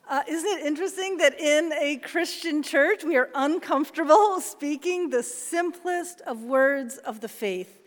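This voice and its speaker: A woman pastor delivers a sermon at an unhurried, deliberate pace, her voice on the higher side. She is earnest, slipping into soft whispers and then rising for emphasis. The sound carries the long reverb of a large church hall. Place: church sanctuary.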